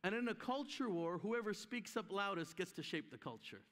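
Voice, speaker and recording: High-voiced man preaching in a reverberant hall. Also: big pitch swings, moderate pace, a bit bright. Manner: emphatic, acts out voices of people in the story. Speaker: guest preacher. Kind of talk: conference sermon. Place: church hall. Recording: live hall with long reverb.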